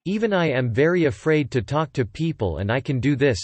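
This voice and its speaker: A man reads out a step-by-step tutorial in short, plain sentences. His pitch moves up and down a lot. The sound is close and dry, with no room echo. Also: animated, brisk. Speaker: online marketing tutor. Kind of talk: scripted tutorial narration.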